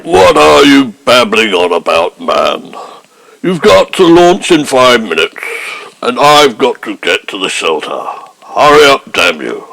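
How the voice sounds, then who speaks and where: A man's voice: mid-range voice, sing-song, measured pace, vocal fry, fairly bright tone, no echo, voice pushed down, heavily acted. A man doing a spoof impression of a pompous older prime minister calling from a phone box, with a clipped, impatient manner. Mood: blustering.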